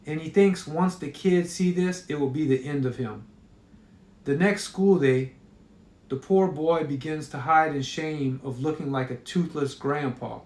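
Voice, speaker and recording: A man reading his own horror story aloud in a casual storytelling manner, with occasional fillers. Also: on the high side. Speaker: author. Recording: roomy echo.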